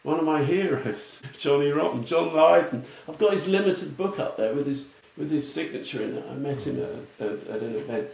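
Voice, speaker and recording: On an interview podcast, an English guest who works as a retail futurist tells stories bluntly and animatedly, laughing often. His voice is fairly high, lively in intonation and a little mellow, with creak, normal speed and few pauses. The room is echoey with faint background noise.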